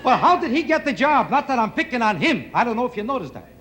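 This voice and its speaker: A man's voice: very high voice, very animated, fast. A man with a New York Jewish accent doing a stand-up routine, firing off rhetorical questions in a sing-song delivery. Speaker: stand-up comedian. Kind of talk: stand-up routine to a studio audience. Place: TV studio stage with live audience. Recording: old TV broadcast, loud crowd laughter and noise.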